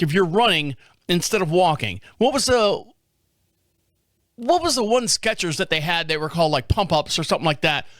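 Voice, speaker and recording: A man's voice: on the high side, a bit bright, no room sound, studio quality. A man in his fifties with an American accent, hosting a casual solo chat show, rambling with restarts and swearing. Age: 50s. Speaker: podcast host.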